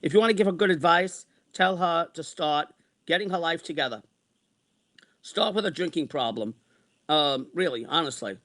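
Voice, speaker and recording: A man's voice: fairly high pitch, normal speed, pushed and bright. Agitated man in his sixties ranting. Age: 60s. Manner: heated, repetitive, swearing. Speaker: vlogger. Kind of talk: angry personal rant.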